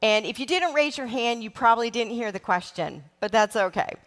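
A woman's voice: on the high side, lively intonation, brisk, fairly bright tone. A middle-aged woman who leads a church's children's ministry, giving a sermon to the congregation in an earnest, emotional way, with frequent ums. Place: large church sanctuary. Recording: long church hall reverb.

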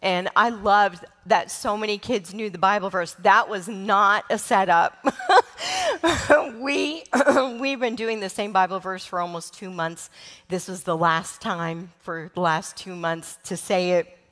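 Middle-aged woman preacher, unhurried and heartfelt, speaking into a stage mic in a reverberant sanctuary. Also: mid-range voice, steady tone. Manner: warm, emotional, slow and earnest with frequent ums. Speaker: children's ministry leader. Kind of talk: church sermon. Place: large church sanctuary. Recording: long church hall reverb.

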